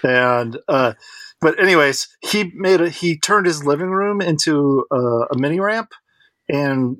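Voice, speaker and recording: A man's voice: fairly high pitch, lively intonation, measured pace, fairly bright tone, no echo. Rambling man co-hosting a podcast. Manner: rambling storyteller with fillers. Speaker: podcast co-host. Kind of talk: casual chat.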